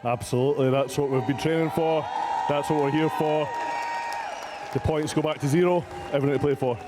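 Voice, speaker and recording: A man's voice: a little high, steady tone, a little fast, very noisy. A man from Scotland, a strongman athlete giving an upbeat, determined post-event interview. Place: indoor arena. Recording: echoey arena with crowd.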